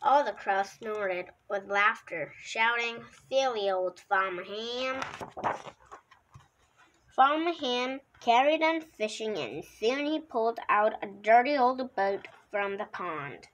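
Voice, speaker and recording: A woman with a fairly high, animated, slightly bright voice reads a children's picture book aloud, slowly and without hurry, slipping now and then and starting over. The audio quality is poor.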